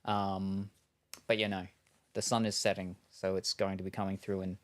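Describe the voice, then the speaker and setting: A man's voice: low-pitched, little pitch movement, normal speed. Chatty rambling man unboxing on stream. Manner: rambling, chuckles often between remarks. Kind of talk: casual live-stream chat. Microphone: headset.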